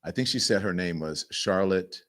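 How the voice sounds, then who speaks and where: A man's voice: low-pitched, normal speed, a bit bright. A man hosting a live commentary show, speaking with emphatic enthusiasm. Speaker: host.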